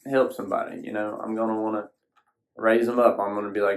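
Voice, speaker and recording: A man's voice: on the low side, level tone, quick pace, rough recording. A man hosting a solo podcast, sitting alone at a screen, talking in a folksy, rambling way with casual swearing. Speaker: podcast host.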